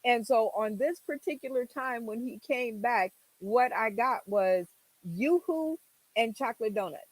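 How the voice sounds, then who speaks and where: A woman's voice: fairly high pitch, measured pace, poor audio. A woman hosting a casual livestream, chatting and telling stories with an exasperated tone. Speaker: livestream host.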